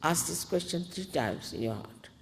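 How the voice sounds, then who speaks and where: A woman spiritual teacher giving calm, deliberate guided meditation instructions to an audience, in an archival recording. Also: low-pitched, gravelly, a little hiss or hum. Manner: calm, deliberate, gently commanding. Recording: archival talk in a reverberant hall.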